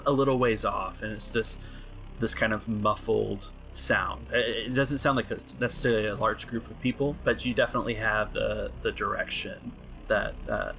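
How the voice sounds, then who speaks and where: A man runs a tabletop game, narrating scenes in a calm and measured manner. His voice sits low with a gravelly edge, and his pitch stays flat and even. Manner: calm, measured, frequent small restarts. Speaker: game master.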